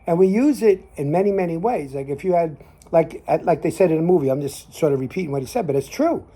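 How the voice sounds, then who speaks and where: Dark-voiced older man with a Jersey accent. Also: a little high, lively intonation, fast talker. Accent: New Jersey. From New Jersey. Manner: rambling, repeats himself, trails off in fillers. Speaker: host. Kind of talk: casual monologue.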